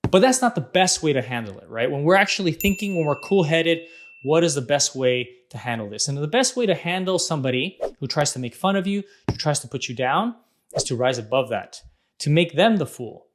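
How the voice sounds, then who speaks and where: Dad in his 30s chatting about parenting, kinda high voice, animated and casual. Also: brisk, slight background noise. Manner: animated, acts out quotes. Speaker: parenting vlog host. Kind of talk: casual advice monologue.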